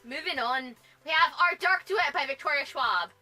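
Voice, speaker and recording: A woman with a high, very bright voice chats about her favorite books in a casual vlog. She gushes with bubbly enthusiasm and laughs often between thoughts. Faint music plays behind her. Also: normal speed, poor audio. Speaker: book vlogger. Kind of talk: casual book review vlog.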